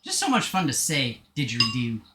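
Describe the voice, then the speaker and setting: A man's voice: a little high, animated, a little slow, echoey room, noisy background. A man live-streaming a video game, chatting casually in a rambling, self-deprecating way with joking asides. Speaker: gaming streamer.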